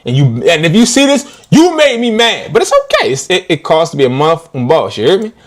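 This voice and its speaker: Male reseller host, animated live rant, high and lively delivery. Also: a little fast. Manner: animated, slangy, ranting with laughs. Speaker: reseller live-streaming to viewers. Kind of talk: casual live stream rant.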